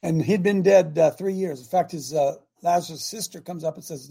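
Gravelly older man preaching folksy style. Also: fairly high pitch, normal speed, hardly any pauses. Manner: folksy, emphatic, rises and drops loudness for effect. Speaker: host. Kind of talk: casual preaching talk show.

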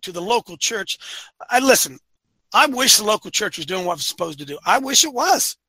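Emphatic high-voiced man preaching. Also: no room sound, rough recording. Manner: emphatic, repeats phrases, swings from quiet to loud. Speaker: host of a men's ministry call-in show. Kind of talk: preaching-style monologue to listeners.

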